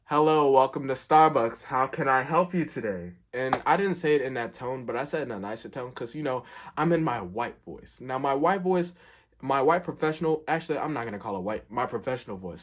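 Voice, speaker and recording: A young man telling a work story in a casual, animated way, acting out the quotes with big jumps in pitch. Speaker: storyteller, fast food worker.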